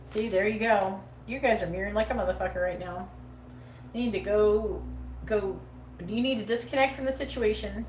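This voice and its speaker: A woman's voice: medium pitch, fairly even intonation, normal speed, a little mellow, a little hiss or hum. A woman hosting a live psychic reading, talking bluntly and profanely in a sassy, casual way. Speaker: psychic livestream host. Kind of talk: live tarot reading chat. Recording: echoey room, mic at a distance.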